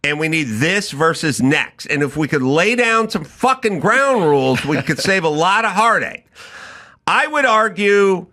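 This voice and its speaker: A middle-aged man telling a comic story on a talk show, fairly high-pitched and bright. His delivery is animated and swoops widely as he voices both himself and the other person. It sounds like an exasperated comedic rant. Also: measured pace. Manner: animated storytelling, acting out both sides of a dialogue. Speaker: podcast host.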